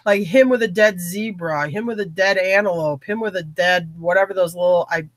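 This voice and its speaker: A woman's voice: fairly low pitch, normal speed, no room sound. Chatty woman telling stories. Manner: chatty storyteller who mimics people she met. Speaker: co-host of a reseller show. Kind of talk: casual live chat.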